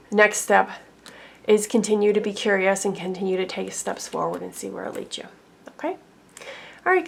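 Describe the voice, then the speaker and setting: Young woman tarot reader, casual and rambling, with a gravelly edge. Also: medium pitch. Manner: chatty, heavy use of "like" fillers. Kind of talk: casual pick-a-card tarot reading.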